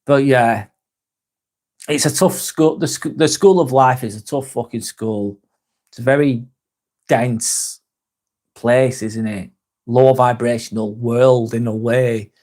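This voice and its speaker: A man chats on his live stream, rambling through thoughts and reading viewers' comments aloud. He swears freely and slips into dry sarcasm, with a mid-pitched voice. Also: takes it slowly, long pauses, a little mellow. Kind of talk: casual live-stream chat.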